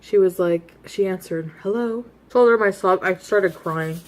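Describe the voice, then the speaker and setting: A woman vlogger telling personal stories in a candid, confessional way, mostly low-key and quiet. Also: normal speed. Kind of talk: casual storytelling to camera.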